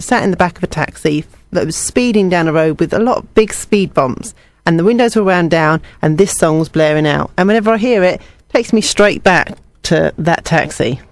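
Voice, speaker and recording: A woman's voice: fairly low pitch, no echo. A young woman presenting a student radio music show, chatty and personal between songs.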